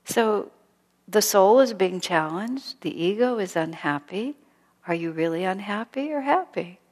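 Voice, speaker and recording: A woman teaching a spiritual class in a gentle, reflective way, often sinking into a soft whisper. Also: mid-range voice, expressive, unhurried, big-room sound.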